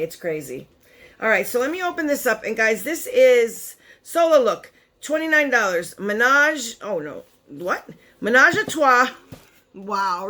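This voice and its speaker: This is a bright, animated woman in her forties, a chatty beauty vlogger showing makeup to her viewers. Her pitch swings freely as she gasps, laughs and drifts into little asides, and her voice sits a touch high and sharp for a woman. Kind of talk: casual unboxing vlog.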